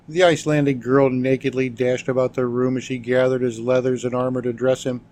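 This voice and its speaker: A man narrating an audiobook in a steady, even delivery. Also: mid-range voice, a little fast, hardly any pauses. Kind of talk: scripted narration.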